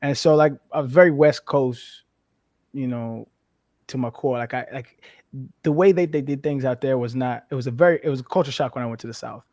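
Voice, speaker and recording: A man in his thirties from New Mexico, a former football player, talking as an interview guest in a frank, profane way with lively storytelling. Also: medium pitch, fairly quick, dry recording, clean studio sound. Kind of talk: casual interview chat.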